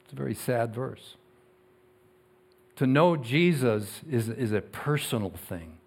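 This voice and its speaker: A man preaching a sermon as pastor. He talks earnestly, swings between loud emphasis and quiet asides, and reads scripture slowly. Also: mid-range voice, animated, vocal fry, breathy edge.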